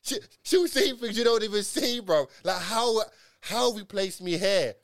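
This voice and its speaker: A young man in casual chat, telling stories in an animated way and full of slang. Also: high-pitched, normal speed, no room sound, studio quality.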